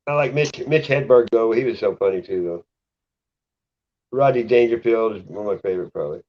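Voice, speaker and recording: A man's voice: on the low side, fairly quick. A man chatting casually in a laid-back way, laughing easily. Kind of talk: casual chat. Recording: dull lo-fi recording.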